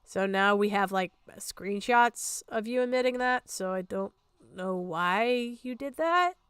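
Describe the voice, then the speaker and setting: A woman's voice: medium pitch, unhurried, fairly bright tone, clean tone, no room sound, studio quality. A woman streamer giving a ranting reaction commentary, exasperated, sarcastic and full of swearing.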